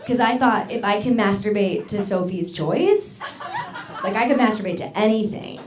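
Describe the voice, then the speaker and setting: A woman's voice: mid-range voice, darkish tone, a little hiss or hum. A young woman doing a stand-up comedy set on a club stage, candid and self-mocking, laughing through her punchlines. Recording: roomy club sound with audience.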